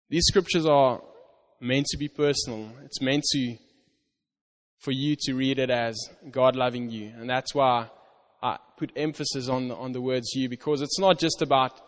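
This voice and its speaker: A man's voice: medium pitch, steady tone, unhurried. Earnest male preacher in a reverberant hall. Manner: earnest, repeats and restarts words, stresses "you" in scripture. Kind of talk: sermon.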